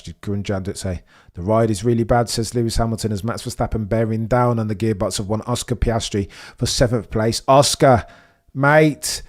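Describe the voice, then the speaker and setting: A young man hosting a live race watch-along stream, chatting with viewers and reacting excitedly as the race unfolds. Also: lowish voice. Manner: excitable, chatty, reads chat messages, swings from muttering to excited shouting.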